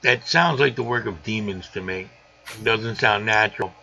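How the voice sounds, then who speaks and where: A man's voice: lowish voice, normal speed, vocal fry, bright, forceful tone, muffled recording. A man hosting a live show, chatting casually and riffing jokingly on old movies. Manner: rambling, jokey riffs on old movies. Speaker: host of a live aquarium show. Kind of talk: casual chat.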